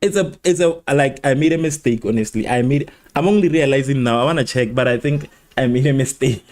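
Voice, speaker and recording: A man hosting a live football watchalong, rambling and repeating himself, who laughs at his own slips and jumps high in pitch at exciting moments. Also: fairly quick, faint music behind. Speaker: watchalong host. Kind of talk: live match watchalong chat.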